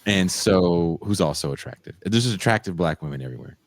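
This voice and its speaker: A man with a very low, deep voice co-hosts a podcast in casual chat. He retells a story with animated energy and jumps into sudden high shrieks when he acts out the quotes. The sound is dry and close to the mic. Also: fast talker, no room sound. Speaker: podcast co-host.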